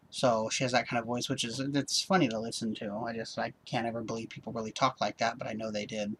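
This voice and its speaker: Laid-back guy reviewing a disc, mid-pitched, chatty, full of filler words. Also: brisk, few pauses, a little hiss or hum. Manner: rambling, lots of ums and uhs; relaxed, upbeat. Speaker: home-video reviewer. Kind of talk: casual video review.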